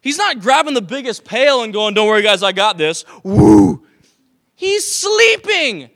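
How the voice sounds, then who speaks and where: Male pastor, high voice, dry close sound, lively sermon delivery with acted-out asides. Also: fairly quick, no echo. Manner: animated, acts out voices in quoted asides. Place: church sanctuary.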